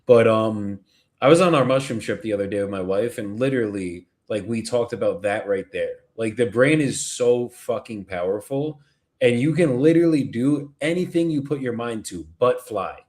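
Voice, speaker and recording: A man's voice: medium pitch, moderate pace, darkish tone. A man hosting a casual motivational talk, blunt and heavily profane.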